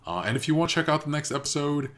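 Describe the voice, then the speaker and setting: A man's voice: on the high side, animated, racing, a bit bright. A man hosting a reaction channel, chatting casually and thinking aloud with lots of fillers.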